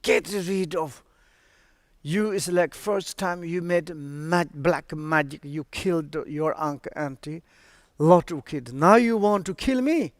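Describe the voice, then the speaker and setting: Guy doing a harsh old master, scolding, slow and dry. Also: fairly high pitch, no echo. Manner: scolding, abrupt. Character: stern, harsh old male spiritual master.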